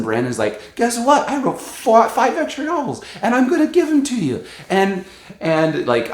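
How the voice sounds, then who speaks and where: Excitable low-voiced man vlogging. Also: reverberant. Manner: animated storytelling, lots of "like" fillers. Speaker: book channel host. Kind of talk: excited casual vlog talk.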